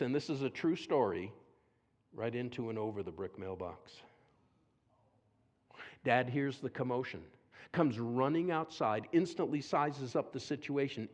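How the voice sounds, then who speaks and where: A man delivers a sermon in a church, his voice rising and falling across a wide pitch range. He tells a story with energy, acts out voices and keeps asking the congregation to respond. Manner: animated, calls for audience response, acts out quotes. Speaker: speaker at a church seminar. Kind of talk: lively sermon storytelling with audience questions. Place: church sanctuary.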